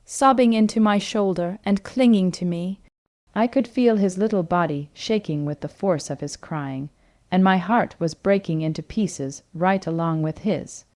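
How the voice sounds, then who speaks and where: A woman reads a first-person family story in a scripted narration style. Her delivery is steady and emotional, and her voice is mellow. The sound is dry and close. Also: mid-range voice, no room sound. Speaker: narrator, mother.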